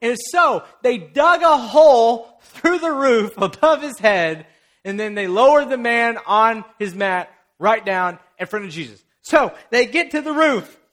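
A young man preaching a sermon, retelling a story in an animated, playful way and acting out the characters. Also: very high-pitched, measured pace. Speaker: pastor.

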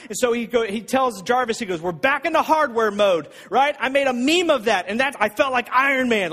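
Emphatic high-voiced pastor in a reverberant hall. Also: male voice, fairly bright tone. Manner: emphatic, storytelling with repeated phrases. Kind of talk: sermon. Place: church sanctuary. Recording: long reverb of a church hall.

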